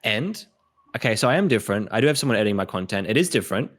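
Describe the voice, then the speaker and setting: A man with an Australian accent talks casually on a podcast in a fairly low voice. He tells his stories with energy and acts out other people's lines as he goes. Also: racing. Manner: animated storytelling, acts out quoted voices. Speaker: podcast host. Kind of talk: casual conversation.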